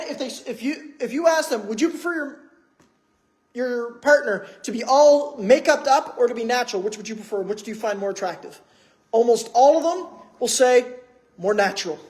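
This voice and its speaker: A man preaching a sermon in church, conversational, with many rhetorical questions. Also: extremely high pitch. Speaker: pastor.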